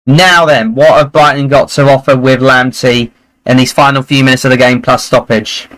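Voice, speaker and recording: A man hosting a live football watchalong, chatting and reacting excitedly to the play. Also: medium pitch, moderate pace, rough recording. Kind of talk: live match commentary and chat.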